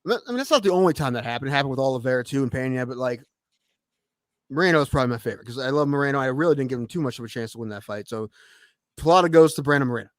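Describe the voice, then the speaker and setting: A man's voice: medium pitch, expressive, rapid-fire, no echo, clean studio sound. A man co-hosting a podcast, talking bluntly and crudely with a rambling flow. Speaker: podcast co-host. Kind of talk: casual chat.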